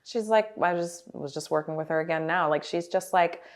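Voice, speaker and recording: A woman's voice: fairly low pitch, a little fast. A woman in her forties, a guest performer, chatting animatedly in an interview with many fillers and restarts. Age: 40s. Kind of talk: casual interview storytelling.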